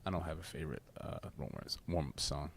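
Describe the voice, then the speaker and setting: Deep-voiced young man, easygoing. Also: steady tone, quick pace, vocal fry, a little hiss or hum. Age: young adult. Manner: easygoing, short answers. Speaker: college basketball player. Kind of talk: interview answers.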